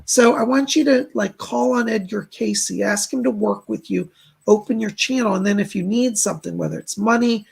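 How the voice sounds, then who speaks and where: A man's voice: high voice, moderate pace, vocal fry, slightly rough. A man hosting a live stream, giving chatty psychic readings and relaying spirit messages with plenty of fillers. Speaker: psychic reader and host.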